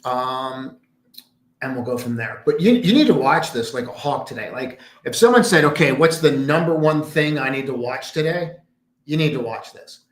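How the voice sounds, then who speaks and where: A man's voice: medium pitch, expressive, moderate pace. A man hosting a casual trading livestream from home, talking in a rambling, emphatic way with mumbled asides. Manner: rambling, emphatic, mutters asides to his screen. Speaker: trading stream host. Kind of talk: casual market analysis livestream. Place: home room in a condo. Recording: roomy echo.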